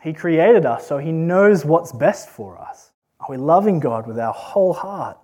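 A man delivers a sermon in an earnest, conversational way, asking his listeners questions. His voice sits a little high and has a husky edge. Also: lively intonation, a little slow, darkish tone. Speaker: preacher.

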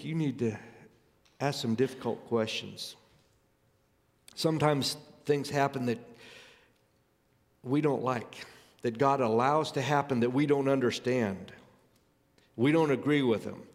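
Earnest preaching man in a reverberant hall. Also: fairly high pitch. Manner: earnest preaching, reads scripture aloud with rising emphasis. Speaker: pastor. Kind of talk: sermon.

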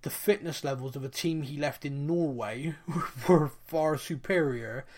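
A man from England hosting a football podcast in casual chat. His voice sits on the higher side for a man, and he talks with animated, quick asides.

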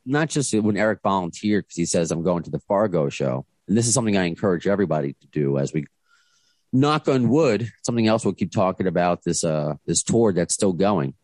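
A man's voice: deep voice, animated, fairly quick, a little mellow, no room sound. A man hosting a podcast over a video call, chatting casually and rambling with restarts. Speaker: podcast host. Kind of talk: casual chat.

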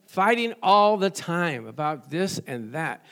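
High-voiced joking male pastor. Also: sing-song, slow, a bit bright. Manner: folksy, joking, asks the congregation for amens. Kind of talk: sermon.

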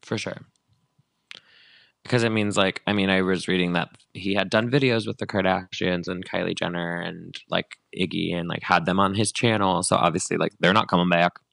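A man's voice: low voice, steady tone, moderate pace, gravelly, a bit bright, dry recording. A man co-hosting a podcast, chatting casually about celebrity gossip and acting out quotes with lots of fillers. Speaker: podcast co-host.

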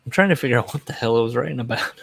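A podcast host with a mid-range, fairly bright voice and vocal fry talks through a casual solo episode with no echo. He wanders from one tangent to another, trails off and starts again, and laughs at his own remarks.

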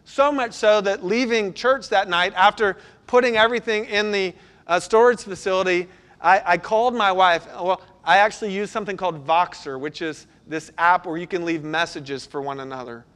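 A middle-aged man, a pastor, preaching a sermon and telling stories, sometimes breaking into loud bursts. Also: sits high, moderate pace, smooth. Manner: storytelling, animated with sudden loud bursts.

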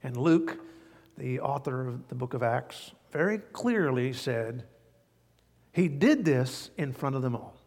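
A man preaching a sermon as pastor, animated and stretching words for emphasis. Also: medium pitch, measured pace, in a large hall. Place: church sanctuary.

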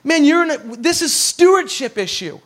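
A man in his thirties preaching a sermon as a pastor, animated and lively, acting out quotes and rising to near-shouts on his key points. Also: very high-pitched, normal speed. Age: 30s.

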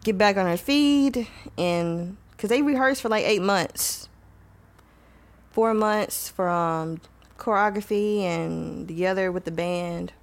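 Woman, podcast co-host, casual chat, relaxed, lots of ums. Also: mid-range voice, slow pace, vocal fry. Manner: relaxed, hesitant with many fillers.

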